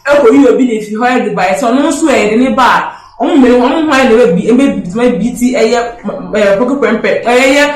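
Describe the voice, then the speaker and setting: A man calling in with halting comments on politics, full of fillers and mixing in local words. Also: very high voice, expressive, echoey room, low-quality recording. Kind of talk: casual call-in comment.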